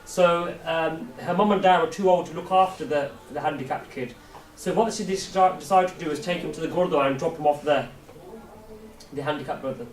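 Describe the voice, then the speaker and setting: Male preacher, high voice, animated storyteller, recorded from across an echoey hall. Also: fairly quick. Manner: animated storyteller, asks audience questions, acts out voices. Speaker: Sikh preacher. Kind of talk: storytelling talk to youth camp. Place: large hall at a camp. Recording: echoey hall, mic far off, faint hiss.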